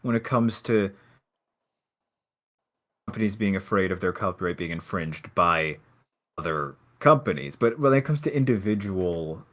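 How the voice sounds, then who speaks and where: A man's voice: deep voice, animated, fairly bright tone. A man from Brazil, co-hosting a casual podcast chat and stammering through his points. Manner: stammering, halting. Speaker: podcast co-host.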